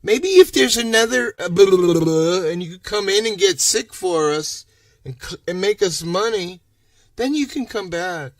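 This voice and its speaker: A man's voice: high voice, lively intonation, moderate pace, dry recording, studio quality, distant mic, pitched above the performer's own voice. A man mimicking a snide clinic clerk. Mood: mocking. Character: mocking, dismissive healthcare office clerk.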